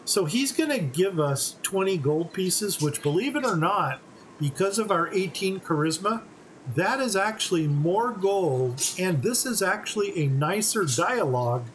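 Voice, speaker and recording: Laid-back guy talking through a game, slow and easy, slightly high voice, faint hiss behind. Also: low-quality recording. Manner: relaxed, explains step by step. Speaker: gaming channel host. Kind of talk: game playthrough commentary.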